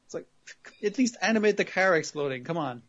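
A man in casual podcast chat, his voice sitting a little high. He retells scenes with lively acted-out quotes and blunt swearing. The audio is dull and lo-fi. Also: fast talker. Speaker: podcast co-host reviewing anime.

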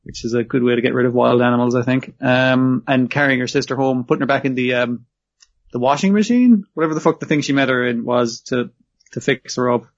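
A man with a mid-pitched voice chatting about anime, cursing freely and joking as he goes. His talk is animated and loose. The recording sounds dull and lo-fi. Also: fast. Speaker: podcast co-host. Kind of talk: casual anime review chat.

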